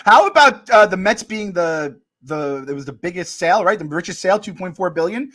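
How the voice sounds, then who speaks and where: High-voiced excitable New man. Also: brisk. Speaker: podcast co-host. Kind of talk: casual chat.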